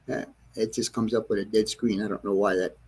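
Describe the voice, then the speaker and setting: A man hosting a casual livestream about his model railroad, rambling and correcting himself, clearing his throat often, frustrated with a problem. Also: fairly low pitch, a little mellow. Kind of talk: casual livestream chat to viewers. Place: train layout room at home.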